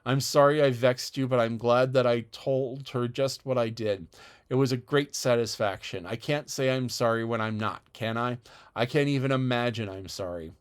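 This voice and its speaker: A man's voice: mid-range voice, moderate pace, clear, resonant tone, lightly acted. A man voicing a passionate, defiant young orphan girl in an audiobook, speaking tearfully and stubbornly. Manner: tearful, wailing, obstinate. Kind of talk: audiobook character voice.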